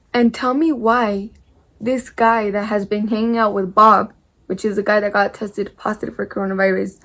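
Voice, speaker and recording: A young woman's vocal fry runs through a casual, rambling vlog story that she tells while doing her makeup. Her pitch stays flat and even, and she leans on "like" and the occasional curse word. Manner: rambling, repetitive, peppered with "like" and mild swearing. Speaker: vlogger.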